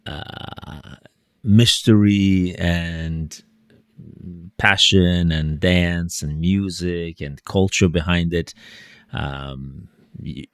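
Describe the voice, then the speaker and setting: A man's voice: low-pitched, dry recording, clean studio sound. A man hosting a podcast interview, asking rambling questions full of restarts and fillers. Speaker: podcast host.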